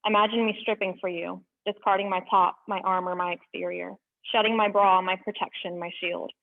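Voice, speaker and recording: A woman's voice: medium pitch, little pitch movement, creaky. Young woman reading poetry, tinny sound. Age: young adult. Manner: earnest, halting asides between readings. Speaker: open-mic reader. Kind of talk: open-mic poetry reading.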